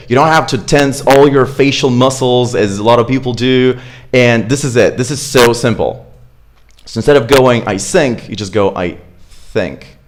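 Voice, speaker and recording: A man giving a live pronunciation lesson, demonstrating sounds slowly and repeating words, checking in with "right?". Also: medium pitch. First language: Russian. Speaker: accent coach.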